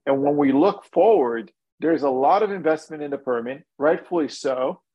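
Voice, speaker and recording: A man, a guest energy analyst, explaining markets in a brisk, analytical way with frequent restarts, heard over a video call. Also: fairly high pitch, expressive, slightly rough, muffled recording. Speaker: senior oil and gas analyst, guest. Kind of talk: expert commentary.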